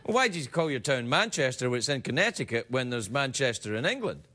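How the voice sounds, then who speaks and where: A man's voice: mid-range voice, fast, slight background noise. A man hosting a late-night talk show, joking and rambling through a comic monologue and viewer emails. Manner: joking, rambling, animated delivery. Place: television studio with live audience. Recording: broadcast studio with loud audience laughter.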